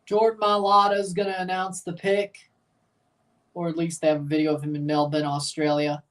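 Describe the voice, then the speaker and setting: A man's voice: a little high, flat delivery, a little fast, fairly bright tone, distant mic. A man hosting a livestream, giving casual, offhand reaction commentary with muttered asides and casual swearing. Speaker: livestream host.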